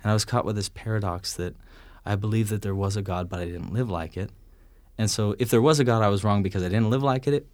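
A man with a somewhat low voice tells stories from his life in casual conversation. He is animated, chuckling and slipping into bits of acted-out dialogue. The sound is dry and close. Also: quick pace, no echo.

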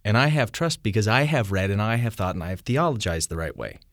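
A man with a lowish voice leads a fast-paced, conversational theology discussion, recorded at studio quality with no echo. An animated explainer, he shouts quoted lines within vivid examples and keeps asking "you see?"

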